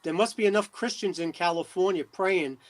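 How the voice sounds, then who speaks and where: A middle-aged man from New Jersey, a mayor as a talk show guest, speaking emphatically with many pauses and fillers. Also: high-pitched. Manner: emphatic, preachy, trailing off with many uh's. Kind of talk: casual interview talk.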